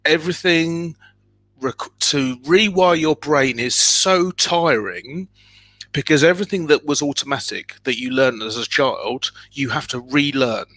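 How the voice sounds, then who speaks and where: A man as an interview guest, telling personal stories in an animated way and acting out scenes with sudden loud exclamations. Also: on the high side, unhurried, no echo.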